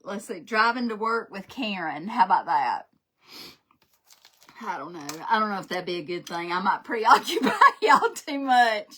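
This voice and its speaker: A woman's voice: mid-range voice, lively intonation, moderate pace, fairly bright tone, husky. A woman, chatting and telling stories while crafting live, laughing often. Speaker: craft livestream host. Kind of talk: casual chat while crafting.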